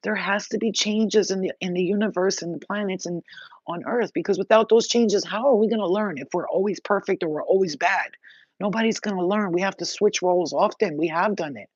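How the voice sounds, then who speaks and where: A woman's voice: mid-range voice, a little fast, husky, no room sound. A woman giving a spiritual message monologue, intense and blunt, swearing freely as she talks. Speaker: spiritual reader. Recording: dull, dry lo-fi sound.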